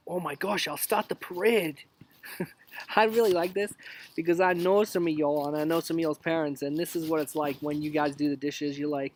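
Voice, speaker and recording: A man's voice: on the high side, fairly even intonation, fairly quick. A man in his thirties hosting a casual live stream, joking his way through memes outdoors and dropping into whispers for asides.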